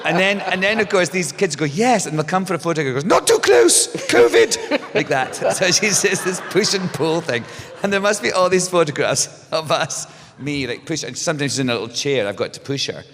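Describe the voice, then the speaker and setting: A man's voice: on the high side, a little fast, few pauses, slight background noise. A middle-aged man, a guest telling stories in a casual onstage conversation, with many restarts and frequent laughter. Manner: animated storyteller, restarts, laughs often. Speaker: guest author. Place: stage before a live audience. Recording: long hall reverb.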